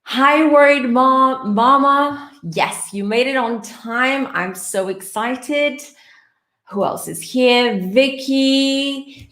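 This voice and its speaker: A woman hosting a live tarot show, chatting in a warm, upbeat way and greeting viewers by name. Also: on the high side, reverberant. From Greece. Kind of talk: casual live-stream chat.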